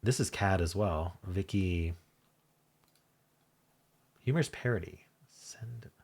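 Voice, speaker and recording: A man thinking aloud as he solves a crossword, muttering in halting self-talk with half-voiced asides. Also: low-pitched, a little mellow. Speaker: crossword solving channel host. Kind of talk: thinking aloud while solving a puzzle.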